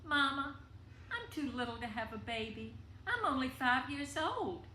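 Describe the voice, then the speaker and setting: A woman's voice: sits high, lively intonation, unhurried, pushed and bright, voice pushed up, full character voice. A woman voicing a frightened five-year-old girl who pleads tearfully with her mother. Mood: pleading. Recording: echoey room with faint noise.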